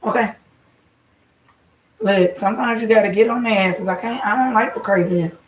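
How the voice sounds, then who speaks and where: In her home kitchen, a mother hosts a casual cooking livestream, talking straight to viewers in a salty, easygoing way. Her medium-pitched voice moves at normal speed and sounds distant in an echoey room with faint noise.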